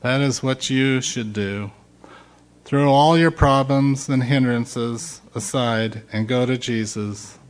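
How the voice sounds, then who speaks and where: A middle-aged man preaching a sermon, slow and emphatic, rising loud when he quotes a shout. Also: medium pitch. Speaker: pastor.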